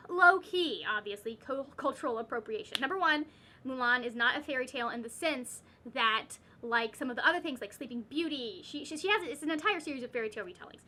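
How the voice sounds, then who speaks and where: A woman's voice: high-pitched, animated, fairly quick, bright, forceful tone, a little hiss or hum. A woman chatting casually as a book vlogger at home, rambling and ranting with lots of fillers and restarts. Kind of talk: casual reading vlog chat.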